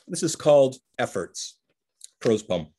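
A man's voice: medium pitch, very animated, unhurried, warm tone. A man reading his own poems at a livestreamed reading, with dry, wry asides between them. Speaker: poet. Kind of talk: poetry reading. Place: livestream from home.

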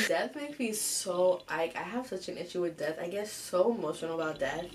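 A young woman hosting an advice show, reading a submitted story aloud and reacting to it with animated, profane commentary. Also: on the low side, normal speed, noisy background. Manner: animated, swears freely, reacts loudly between read passages.

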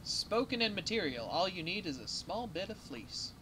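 A man running an online tabletop game as game master, reading rules aloud haltingly and laughing often. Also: sits high, big pitch swings, background noise.

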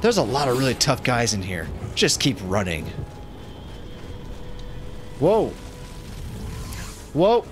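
A man streaming a fantasy game, commenting casually in a goofy, excitable, playful way. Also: mid-range voice, takes it slowly, long pauses, over music. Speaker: gaming streamer. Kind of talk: casual let's-play commentary.

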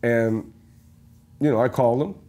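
A man's voice: mid-range voice, moderate pace. A man from Cuba, a native Spanish speaker, telling stories in a casual interview as a guest percussionist. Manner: animated storyteller, acts out voices, laughs often.

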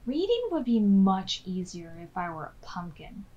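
A woman voicing an eager young girl from a picture book who wants to dress as a pirate, in a bright, excited storytime character voice. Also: medium pitch, moderate pace, lo-fi sound.

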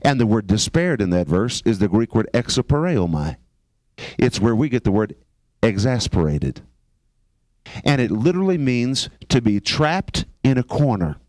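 A man teaching a sermon, reading scripture and explaining words with emphasis, slowing down on key phrases. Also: medium pitch, very animated, darkish tone, no room sound. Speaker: Bible teacher.

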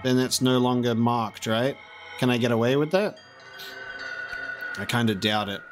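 A man giving casual, chatty let's-play commentary, thinking out loud and poking fun at himself. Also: medium pitch, normal speed. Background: game music.

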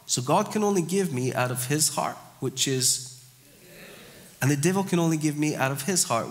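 A man preaching a sermon in a church, conversational, acting out little scenes and getting the congregation to repeat phrases. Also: on the high side. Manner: conversational, with acted-out asides and crowd call-and-response. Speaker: pastor. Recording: echoey church hall.

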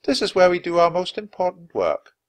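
An earnest monk, as a man puts him on while reading aloud proudly guides visitors in a raised, lively voice. He sounds warm and welcoming, with a singsong rise and fall in his speech. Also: sits high, fairly quick, voice pushed up.

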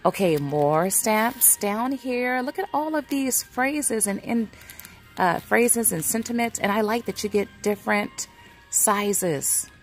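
A woman's voice: medium pitch, expressive, slow pace, faint music behind. A middle-aged woman vlogging from a store aisle, chatting casually and reading product labels aloud to herself. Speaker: craft vlogger browsing a store. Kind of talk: casual shopping walkthrough. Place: indoor retail store aisle.

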